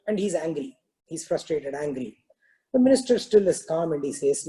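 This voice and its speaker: A man telling a parable during a spiritual talk, in a relaxed storytelling manner with many "you know" fillers. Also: on the high side, normal speed, poor audio. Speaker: spiritual discourse teacher.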